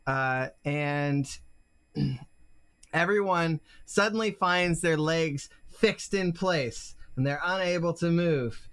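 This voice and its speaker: A woman narrating a tabletop game as game master, halting with many fillers and restarts. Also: low-pitched, a bit bright.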